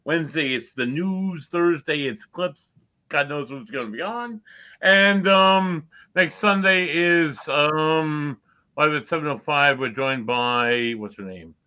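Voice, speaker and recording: Rambling man, bright dull mic. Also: a little high, slow, clean tone. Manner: rambling with many fillers. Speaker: podcast host. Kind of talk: casual podcast talk, show wrap-up.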